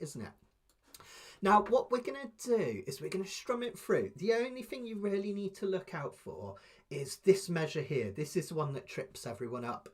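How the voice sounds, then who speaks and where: A man teaching a live online ukulele lesson, patiently explaining step by step and counting beats aloud softly. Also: on the high side, slightly rough.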